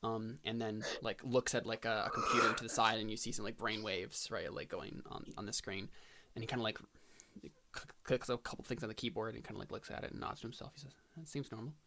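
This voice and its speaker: Halting man narrating a tabletop game. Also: lowish voice, steady tone, creaky, pushed and bright. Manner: halting, full of fillers and restarts. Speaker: game master.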